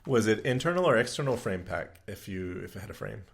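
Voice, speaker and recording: A low-voiced man with a gravelly, husky texture, co-hosting a podcast in easy conversation. He rambles along, circling back with fillers and restarts as he explains things. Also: expressive, brisk. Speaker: podcast co-host. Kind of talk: casual chat.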